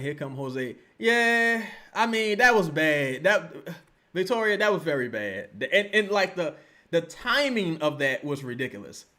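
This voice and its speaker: A man commentates a basketball game live, swearing freely. His fairly high voice swings widely in pitch. He erupts into shouts, then sinks into low grumbling. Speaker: sports streamer reacting to a live game.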